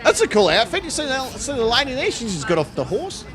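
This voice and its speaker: A man's voice: extremely high pitch, wildly swooping pitch, fast, a crowd in the background. An Australian man hosting a live show, giving crude, sarcastic commentary on protest footage and swearing freely. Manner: crude, mocking, swears freely, laughs at own jokes.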